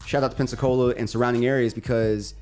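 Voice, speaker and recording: A man co-hosting a radio talk show, telling a long personal story in a lively, animated way and acting out the other people's lines. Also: mid-range voice, quick pace, faint music behind.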